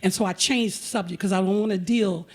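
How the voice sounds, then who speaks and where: A woman hosting and telling a comic personal story live on stage at a museum auditorium, animated and full of breathless asides. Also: medium pitch, brisk. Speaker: storyteller and host.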